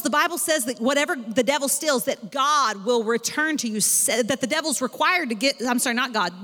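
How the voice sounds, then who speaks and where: Bright high-voiced woman preaching. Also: big-room sound. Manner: animated preaching with rising emphasis. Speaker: pastor. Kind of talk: sermon.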